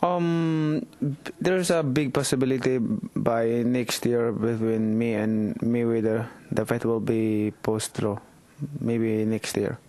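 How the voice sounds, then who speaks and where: A man's voice: mid-range voice, little pitch movement, slow pace, dark tone, dry recording. A man in his thirties with a Filipino accent, a boxer answering interview questions in a hesitant way with many fillers. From Philippines. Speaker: boxer and congressman, interview guest. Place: indoors in the Philippines.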